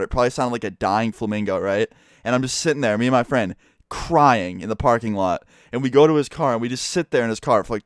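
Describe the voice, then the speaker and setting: A man's voice: medium pitch, clear, resonant tone, dry recording, studio quality. A young man casually telling a profane storytime, laughing as he goes. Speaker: storytime vlogger.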